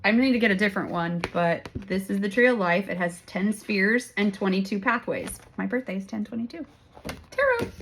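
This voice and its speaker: A woman talks straight to the camera in a casual tarot-reading vlog. She is blunt and swears freely, laughing often as she goes. Her voice jumps between loud, excited bursts and quiet, hushed asides. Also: medium pitch, normal speed, creaky, slight background noise. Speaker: tarot reader and channel host.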